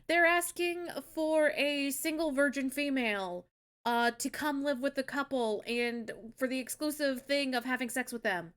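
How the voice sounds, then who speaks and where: A woman's voice: high-pitched, lively intonation, normal speed, fairly bright tone. A woman hosting a live stream, chatting casually, blunt and swearing, laughing often. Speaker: streamer host.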